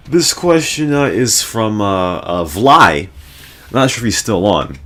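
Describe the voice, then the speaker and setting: A man's voice: lowish voice, very animated, takes it slowly, sharp tone. A man hosting a casual podcast chat, rambling with many fillers and laughing often. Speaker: podcast host.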